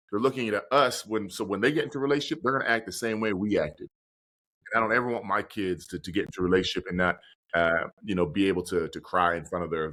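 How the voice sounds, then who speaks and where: Man, low voice, earnest, reflective, podcast guest. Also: a bit bright. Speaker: podcast guest, motivational speaker. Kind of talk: conversational interview.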